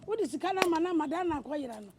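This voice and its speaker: High-voiced Ghanaian mother. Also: expressive, fast talker, background noise. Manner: soothing, urging patience. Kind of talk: comedy skit dialogue, mostly in Twi.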